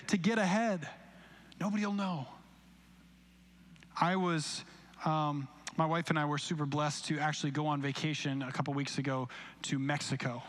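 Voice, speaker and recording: High-voiced man preaching a sermon. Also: a bit bright. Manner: conversational storytelling with acted-out quotes. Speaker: pastor. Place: church sanctuary, recorded live.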